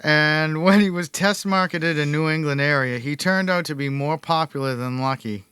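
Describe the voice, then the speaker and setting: A man's voice: fairly high pitch, moderate pace, bright, forceful tone, clean tone, no room sound. Jokey man hosting a podcast. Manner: jokey, laughs at his own asides. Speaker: podcast host. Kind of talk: casual podcast chat, reading notes aloud.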